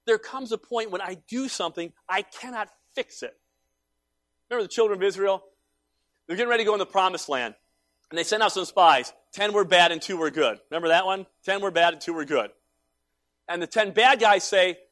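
A male pastor preaches a little fast, swinging between loud, emphatic calls and quiet, low asides, and acting out the voices of those he quotes. The recording is dry.

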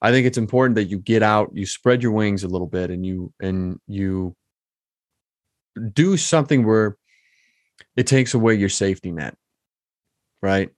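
A man's voice: lowish voice, moderate pace, pauses often, no room sound, clean studio sound. Rambling man hosting a solo podcast. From Michigan. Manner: rambling, loose and chatty with many ums and restarts. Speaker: podcast host. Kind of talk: casual solo podcast monologue.

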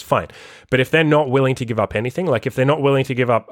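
A man's voice: medium pitch, fast, no echo, studio quality. Blunt, profane male coach. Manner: blunt and profane, with frequent "like" and acted quotes. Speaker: self-improvement coach and podcast host. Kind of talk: casual motivational monologue.

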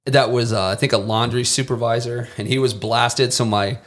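A man guest on a podcast, telling lively anecdotes in a casual way, mimicking people and swearing now and then. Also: medium pitch, normal speed. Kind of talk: casual storytelling.

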